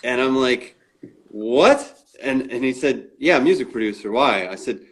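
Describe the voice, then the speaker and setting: Male interview guest, mid pitch, casual storyteller who acts out quotes and uses lots of fillers. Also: normal speed, background noise. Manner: acts out quoted dialogue in his stories; frequent restarts and fillers.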